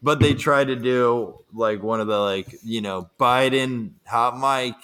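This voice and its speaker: Man telling stories in halting fillers. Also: mid-range voice, fairly bright tone, smooth. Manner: halting, filler-heavy storytelling. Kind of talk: casual chat.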